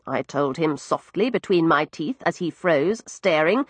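Husky, expressive woman narrating a novel. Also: sits low, unhurried, few pauses, no echo. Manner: expressive, crisp storytelling. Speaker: audiobook narrator. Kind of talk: first-person audiobook narration.

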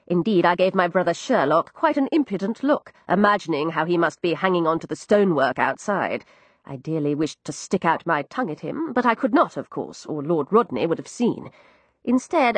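A woman narrates a first-person tale with wry, expressive storytelling. Her voice swings animatedly with a soft, breathy grain, recorded dry and close to the mic. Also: lowish voice, dry recording. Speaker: audiobook narrator.

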